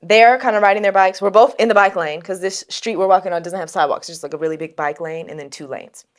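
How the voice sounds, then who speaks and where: A young adult woman co-hosting a podcast, telling stories in casual chat, blunt and animated, swearing freely. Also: on the low side, fast. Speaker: podcast co-host.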